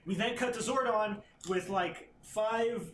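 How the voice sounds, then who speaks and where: A man's voice: high voice, slow pace, a bit bright, slight background noise. A man on a podcast casually recapping a comic plot, rambling and swearing, acting out characters' lines. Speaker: podcast co-host. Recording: roomy echo.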